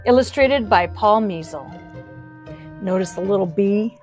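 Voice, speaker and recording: A woman reading a picture book aloud to children, animated, with chatty asides and playful sound effects. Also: medium pitch, a little slow, faint music behind. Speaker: storybook reader.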